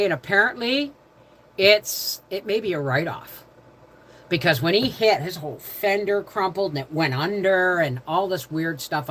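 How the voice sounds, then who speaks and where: Bright-voiced woman hosting a homestead live stream. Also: fairly low pitch, rough recording. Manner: greets viewers by name, rambling storytelling; quiet prayerful tone. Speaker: livestream host. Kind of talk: casual live-stream chat. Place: home.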